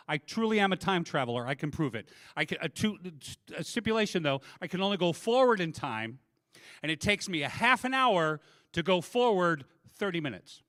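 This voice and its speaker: Bright-voiced man doing stand-up. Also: high voice, no room sound, studio quality. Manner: chatty crowd work, deadpan punchlines. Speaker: stand-up comedian. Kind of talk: stand-up comedy set. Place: convention comedy room.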